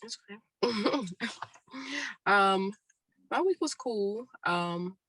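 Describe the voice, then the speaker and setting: Casting note: woman co-host, bright and dry-sounding, animated and profane in casual chat. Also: medium pitch, extremely slow, breathy edge, dry recording, poor audio. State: sore throat after surgery. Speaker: podcast co-host.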